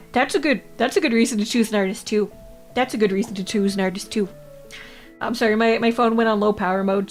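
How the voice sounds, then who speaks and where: A woman from Canada, chatting casually with her livestream chat, rambling and laughing often. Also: medium pitch. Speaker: VTuber streamer.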